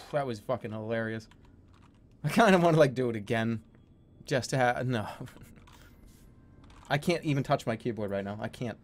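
A man's voice: mid-range voice, moderate pace, pauses often. A young adult man streaming a game in casual commentary, laughing often, exclaiming and swearing freely.

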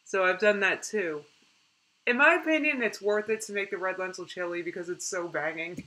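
A young woman chatting casually on a live stream, reading out viewer comments in an animated way and laughing often. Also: mid-range voice, normal speed, rough recording.

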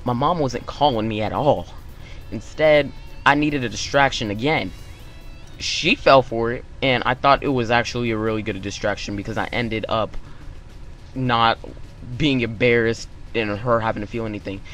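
A young man hosting his channel, telling a story-time tale in an animated way and acting out the quotes. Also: medium pitch, moderate pace, soft background music. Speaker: YouTube channel host.

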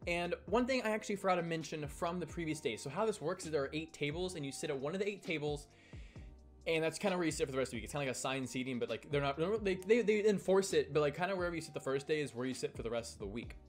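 A man's voice: a little high, animated, racing, soft background music. A young man casually telling a rambling camp story, often correcting himself and acting out quotes. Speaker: storytelling vlogger.

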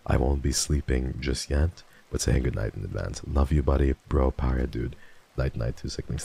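A playful male streamer talks casually with his chat into a desk mic, thanking viewers and teasing them. His voice is deep, dark and gravelly, and its pitch swings widely as he drops in and out of theatrical voices. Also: steady tone, measured pace, long pauses. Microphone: desk microphone.

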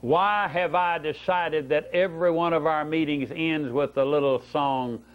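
A man's voice: on the high side, fairly even intonation, measured pace. A man preaching a Bible-study sermon, telling folksy stories and asking rhetorical questions. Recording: dull lo-fi tape recording.

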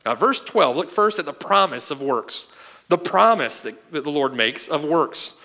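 A man's voice: a little high, expressive, unhurried, sharp tone. A man preaching a sermon as pastor. He speaks emphatically and keeps checking with his hearers. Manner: emphatic, asks the hearers "right?" and "okay?" often. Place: church sanctuary.

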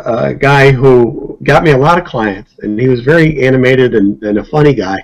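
A man as a podcast guest, telling stories casually and acting out the people he quotes. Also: poor audio. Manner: animated, acts out quotes with rising pitch. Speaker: hypnotist guest. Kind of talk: casual storytelling.

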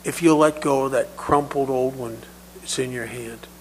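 A man voicing a gentle paramedic who softly coaxes a frightened child. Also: medium pitch, fairly even intonation, normal speed, a little hiss or hum, close to an everyday voice, rough recording. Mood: coaxing. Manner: soft, coaxing. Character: gentle, patient male paramedic.

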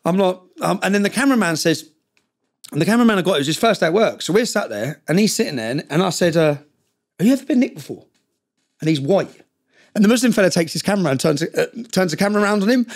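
A man telling a story as a guest on a podcast, rattling through it at a quick clip. His voice sits a little high for a man, and he drives each point home with emphatic tag questions. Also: lively intonation. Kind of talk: storytelling in a casual interview.

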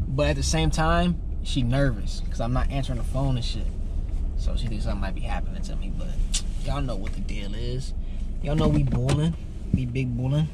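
A young man chatting to his viewers in a casual prank vlog, talking slangy and laughing often, recorded on a camera inside a car. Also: mid-range voice. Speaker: prank vlogger. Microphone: GoPro camera in the car. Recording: car and road noise behind.

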